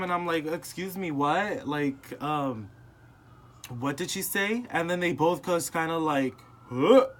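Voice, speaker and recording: Young man with a higher voice telling a story. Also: a little hiss or hum. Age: young adult. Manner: animated, acting out family members in retold dialogue. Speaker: podcast host. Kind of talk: casual personal storytelling.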